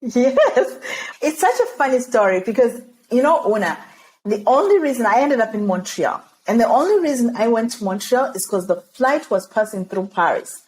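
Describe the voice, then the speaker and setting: A woman from Zimbabwe, a podcast guest telling her own story in conversation, lively and laughing often as she acts out dialogue. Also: on the high side, normal speed, a little hiss or hum, rough recording.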